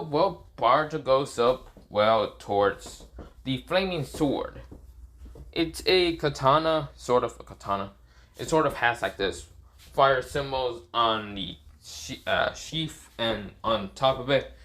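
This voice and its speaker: Man narrating a fan story off the cuff, bright voice, rambling with fillers and throat clearing. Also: medium pitch, expressive, slow.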